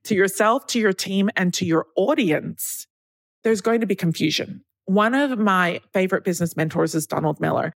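A woman's voice: medium pitch, normal speed, breathy edge, no room sound. Candid woman hosting a solo podcast. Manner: chatty, candid, acts out quoted people. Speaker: podcast host.

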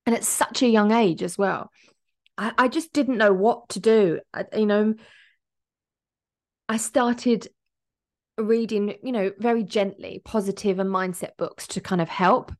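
A woman's voice: mid-range voice, a little slow, darkish tone. A young woman hosting a podcast, telling her personal story in a candid, emotional way and acting out the quotes. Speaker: podcast host.

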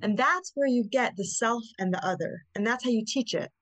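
A woman's voice: on the high side, fairly quick, fairly bright tone, no echo. A middle-aged woman guest on a parenting podcast, explaining in an earnest, hands-on way. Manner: earnest, explanatory, often acts out what parents say to kids. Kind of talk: podcast interview.

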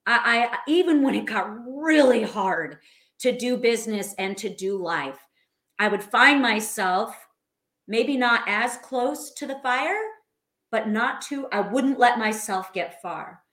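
A woman co-hosting a live show, giving an animated motivational talk and calling her listeners friends. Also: a little high, slow, echoey room. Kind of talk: motivational live-stream chat.

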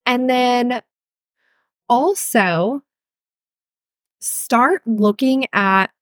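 A woman's voice: a little high, very slow, dry recording, clean studio sound. Chatty, frank woman podcaster. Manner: chatty, frank, cusses freely. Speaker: podcast host and healer coach. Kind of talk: casual solo podcast talk.

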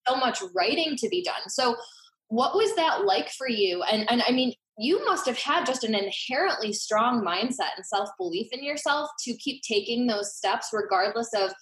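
A woman's voice: fairly high pitch, expressive, normal speed, fairly bright tone. A woman hosting a podcast, enthusiastic and effusive as she introduces and questions her guest. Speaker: podcast host. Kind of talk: casual interview chat. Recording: roomy, echoey sound.

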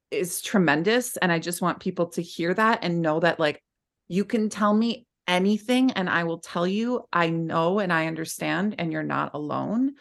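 A woman's voice: on the low side, vocal fry, fairly bright tone. A woman guest on a podcast, speaking candidly in a heartfelt, rambling way with many restarts. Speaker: podcast guest, former client. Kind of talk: candid conversational interview.

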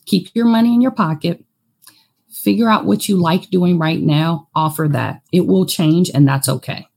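A woman's voice: lowish voice, normal speed, creaky, breathy edge. A woman therapist and business owner, talking frankly and casually as a guest in an interview. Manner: frank, animated, slips into quoted self-talk.

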